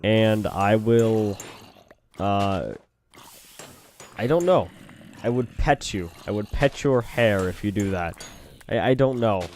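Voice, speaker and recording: A young Canadian man with a Canadian accent, talking over his game in a lowish voice. He rambles from one silly thought to the next and keeps toying with the sound of words. The commentary is loose and unscripted. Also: takes it slowly, long pauses, darkish tone, a little hiss or hum. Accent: Canadian English. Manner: rambling, goofy, plays with words. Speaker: gaming video host. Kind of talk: let's-play commentary.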